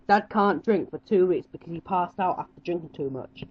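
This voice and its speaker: A woman's voice: on the low side, fairly quick, dull audio, a little hiss or hum, lightly acted. A woman voicing a young male chicken son in an amateur cartoon, talking in a casual, offhand way.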